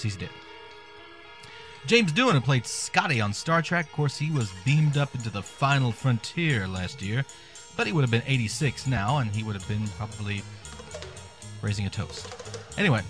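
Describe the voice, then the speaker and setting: A man's voice: medium pitch, a bit bright. A man hosting a comic show, delivering a sarcastic, rambling, irreverent monologue. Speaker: podcast host.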